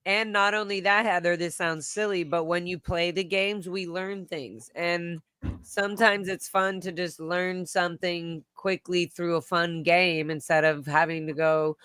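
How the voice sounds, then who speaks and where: A woman's voice: on the low side, fairly even intonation, a little slow, a bit bright, clean tone, no room sound. A woman hosting a casual chat, telling a personal story with strong feeling and some swearing. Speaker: host.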